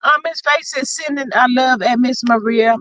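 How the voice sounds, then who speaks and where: A woman hosting a casual livestream, reading viewer comments aloud and telling stories with big pitch swings, drawn-out exclamations and frequent laughter. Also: a bit bright, no echo. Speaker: livestream host. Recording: dull lo-fi, dry sound.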